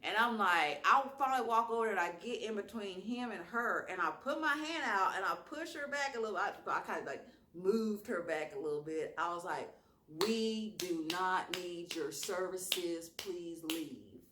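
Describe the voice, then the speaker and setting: A woman with a strong Southern accent, telling a wild story in a casual vlog with slang and lively asides. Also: mid-range voice, brisk, few pauses, background noise. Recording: echoey room.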